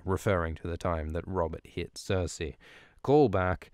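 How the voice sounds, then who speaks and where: A male podcast host rambles through a profane, casual recap, stumbling and restarting as he goes. His voice is low and smooth, and it sits close and dry on the mic. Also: fairly even intonation, measured pace, no room sound. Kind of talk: casual recap of a book chapter.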